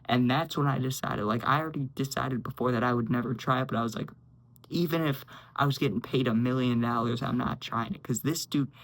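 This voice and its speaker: A man's voice: medium pitch, low-quality recording. A young man casually telling a story, rambling and saying "dude" constantly while acting out what others said. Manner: rambling, says "dude" constantly, acts out quotes.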